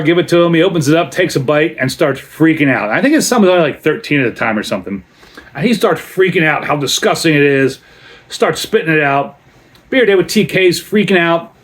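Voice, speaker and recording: A man reviewing a beer in a casual vlog, chatty and rambling as he tells stories between sips. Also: on the high side.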